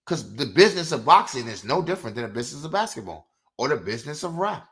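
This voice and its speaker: A middle-aged man hosting a live boxing podcast, ranting with fiery, profane outbursts that drop into low mutters. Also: sing-song, fast, fairly bright tone. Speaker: podcast host. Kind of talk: live-stream boxing rant.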